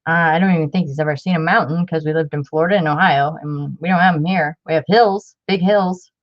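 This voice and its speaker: A woman's voice: deep voice, fast, highs cut off. A middle-aged woman chatting in a rambling, casual way with many fillers while she works on a craft project. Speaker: crafting vlogger.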